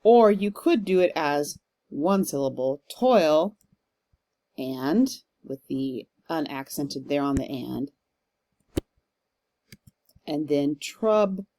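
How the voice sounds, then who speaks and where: A woman lecturer talks through a recorded lesson in a fairly low voice. Her delivery is measured and explanatory, with steady "um" fillers as she works through each point. The sound is close and dry, with no room around it. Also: no room sound. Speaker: literature professor.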